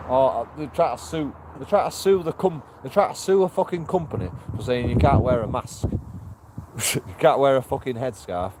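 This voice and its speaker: A man's voice: mid-range voice, expressive, moderate pace, background noise. A man ranting heatedly and swearing constantly as he walks down a town street vlogging. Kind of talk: walking street vlog rant.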